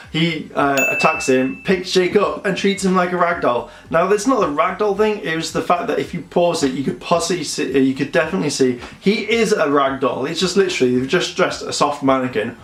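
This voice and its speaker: Brisk and barely pausing, a man with a fairly bright, higher voice rambles through a TV episode review, full of fillers, voicing the characters' lines himself. The space sounds echoey.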